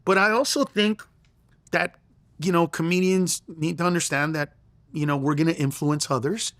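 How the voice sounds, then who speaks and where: A middle-aged male comedian telling a story in an interview, animated and profane, acting out the voices he quotes. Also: fairly high pitch, moderate pace, no echo. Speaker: comedian guest.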